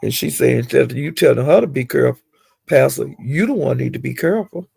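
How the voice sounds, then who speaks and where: A man giving a casual, rambling gossip recap of livestreams, with animated retelling and frequent asides. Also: medium pitch, quick pace, gravelly, husky, dry recording.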